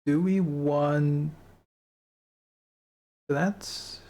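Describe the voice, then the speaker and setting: Speaking extremely slowly in a dark-toned, mid-range voice with fairly even intonation, this young adult streamer chats casually with viewers. They show off an avatar model, giggle a lot, ramble through their thoughts, and address chat directly.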